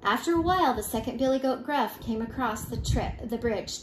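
An older woman reads a children's storybook aloud in an expressive voice, stumbling and restarting now and then. Her voice sits on the higher side, and the room is echoey with faint noise behind her. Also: moderate pace. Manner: expressive, with small slips and restarts. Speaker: storybook reader. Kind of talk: children's read-aloud narration.

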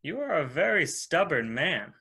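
A man's voice: a little high, very animated, normal speed, creaky, pushed and bright, husky, full character voice. An actor playing a formal, persuasive male messiah and cult leader in an audio drama. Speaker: antagonist.

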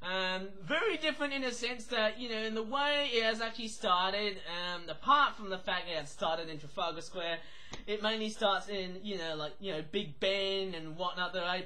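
High, bright-voiced Australian-sounding man. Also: low-quality recording. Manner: excitable, exclaiming, laughing often. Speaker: reaction channel host. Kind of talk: casual reaction commentary.

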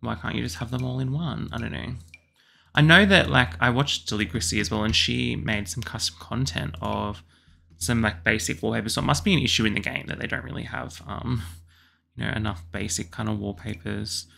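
A young Australian man chatting casually and excitedly as he builds a house in a video game, with lots of apologetic asides. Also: mid-range voice, brisk, creaky, slight background noise. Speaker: YouTuber building houses in a life-sim game. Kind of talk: casual gameplay commentary.

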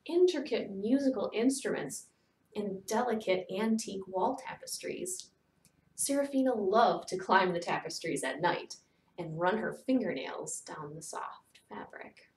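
Woman reading a storybook aloud. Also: mid-range voice. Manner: steady storytelling, softening to near whispers. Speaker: read-aloud narrator. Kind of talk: children's book read-aloud. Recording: echoey room, distant mic.

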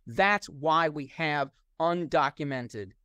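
A middle-aged man with a fairly high voice talks as a guest in an interview. He explains things at length and works through his points with restarts and fillers. The sound is dry and close, with no room echo. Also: takes it slowly, sharp tone, smooth. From United States. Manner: thoughtful, many restarts and fillers. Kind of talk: conversational interview.

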